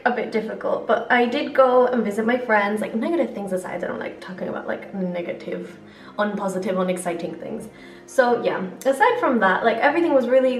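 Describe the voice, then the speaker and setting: Brief: young woman from Mexico, British English accent, rambling makeup chat with the odd swear, recorded from a little way off in an echoey room. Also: medium pitch. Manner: rambling, chatty, self-correcting, casual swearing. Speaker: beauty vlogger. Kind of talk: casual chat while doing makeup. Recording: echoey room, mic a bit far, faint music.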